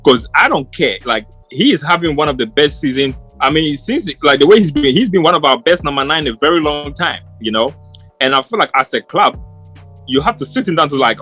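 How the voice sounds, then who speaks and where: High-voiced man giving rambling football opinions. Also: expressive, brisk, bright, forceful tone, slightly rough, soft background music. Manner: rambling, restarts often, passionate opinions. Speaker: football podcast co-host. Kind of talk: casual post-match chat.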